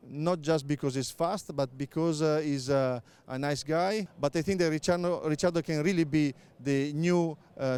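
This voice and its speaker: A middle-aged man with an Italian accent, a native Italian speaker answering interview questions as a motorsport pundit, pausing often on filler sounds and restarting his phrases. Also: a little high, darkish tone, clean tone. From Italy. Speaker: motorsport pundit, former racing driver.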